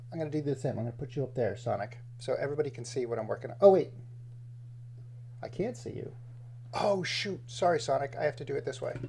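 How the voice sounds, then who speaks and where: A man's voice: mid-range voice, gravelly, dark tone, slight background noise. A man live-streaming while he edits video, talking to himself as he works and greeting viewers by name in a casual, chatty way.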